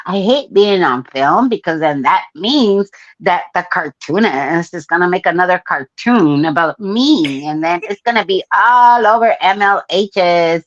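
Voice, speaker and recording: A woman's voice: lowish voice, lively intonation, measured pace, dull audio. A woman in casual comedic chat, playful and slangy, singing lines in a mocking way.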